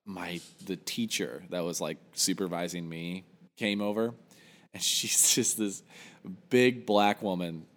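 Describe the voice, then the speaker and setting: A man's voice: low-pitched, fairly even intonation, unhurried, fairly bright tone, long reverb tail. Laughing, swearing young man telling stories. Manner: profane, laughing storyteller. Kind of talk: casual chat.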